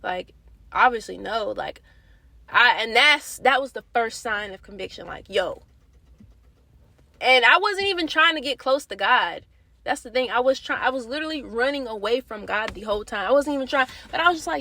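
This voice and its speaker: A young woman vlogger telling a personal faith testimony in a candid, animated, slangy way. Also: a little high, normal speed, gravelly, no room sound. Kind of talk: casual testimony.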